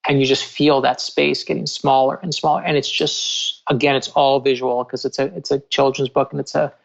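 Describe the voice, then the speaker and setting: A man in a casual interview, an author telling stories in an animated, earnest way. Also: mid-range voice, a little fast, vocal fry. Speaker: author and guest. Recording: dull lo-fi remote audio.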